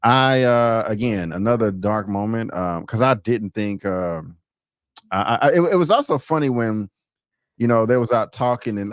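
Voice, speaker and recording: A man co-hosting a casual TV review chat, hesitant, with many pauses and repeated words. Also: fairly low pitch, dry recording. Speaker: co-host reviewing a TV episode.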